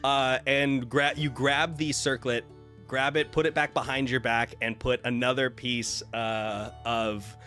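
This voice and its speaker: A man's voice: medium pitch, little pitch movement, unhurried, bright, forceful tone, soft background music. A man running a tabletop game as dungeon master, narrating casually with laughs and fillers.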